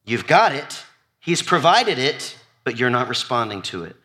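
Um homem pregando um sermão animado a uma congregação, alternando entre listas quase sussurradas e apelos em voz alta à plateia. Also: male voice, medium pitch, normal speed. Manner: animated preaching, drops to near-whisper on repeated lists, calls out to congregation. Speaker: pastor. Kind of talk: sermon. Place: church before a congregation.

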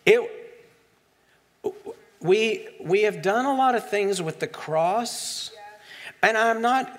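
Male pastor with a slightly high voice, reading scripture and explaining it in a relaxed, off-the-cuff way. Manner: casual, digressive, with self-deprecating asides.

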